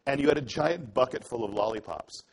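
A man's voice: medium pitch, fairly quick, vocal fry, a little hiss or hum, rough recording. A young adult man giving an earnest, conversational talk to an audience, telling a story and acting out the dialogue in it. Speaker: public speaker.

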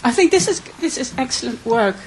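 A woman from the Netherlands, asking an earnest, emotional question at a conference Q&A with many halting restarts. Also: a little high, lively intonation, a little hiss or hum, rough recording. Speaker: audience member asking a question.

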